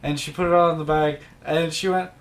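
A man's voice: a little high, fairly even intonation, brisk. A young man co-hosting a casual podcast, telling jokes in a dry way. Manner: dry, joking delivery. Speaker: podcast co-host. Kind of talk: casual chat.

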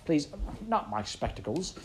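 A woman voicing a prim, formal and gentle father rabbit in a storybook reading. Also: a little high, big pitch swings, measured pace, slight background noise, voice pushed up, rough recording.

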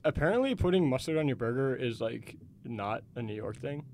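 A young man co-hosts a casual podcast and talks quickly. His voice is mid-pitched, and he tells stories packed with filler words. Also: expressive, darkish tone, a little hiss or hum. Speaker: podcast co-host. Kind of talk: casual chat.

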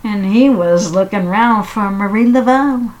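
A woman's voice: mid-range voice, measured pace. A middle-aged woman hosting a show, talking casually with fillers and reading a poem aloud. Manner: relaxed, with fillers and restarts. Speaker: podcast host.

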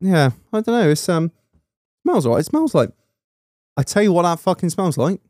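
A man's voice: high voice, normal speed, no room sound, studio quality. A man co-hosting a podcast in casual chat, laughing often and swearing freely. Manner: laughs a lot, swears freely, animated storytelling. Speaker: podcast co-host.

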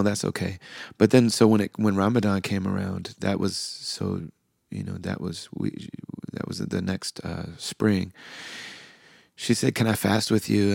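A middle-aged man with a very low, deeply gravelly voice tells a reflective personal story as a podcast host. He speaks softly and with feeling, slipping into the voices of people he remembers. The sound is dry and close. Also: no echo. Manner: soft-spoken, heartfelt, with frequent fillers and quoted dialogue.

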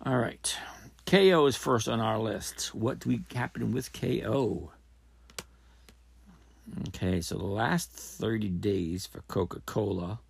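A man with a lowish, gravelly, husky voice hosts a casual trading podcast, talking slowly. He rambles and corrects himself as he thinks aloud.

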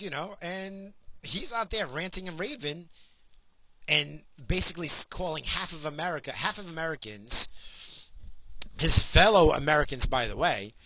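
A man's voice: a little high, dry recording. A man delivering a profane, heated political rant, worked up and swearing often. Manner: profane, heated, ranting then calmer.

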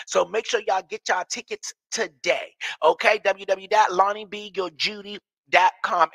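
A man's voice: high voice, bright, forceful tone, no room sound. A man with a Washington, DC accent hosting a live stream, reading viewer comments with brassy, profane, sassy banter.

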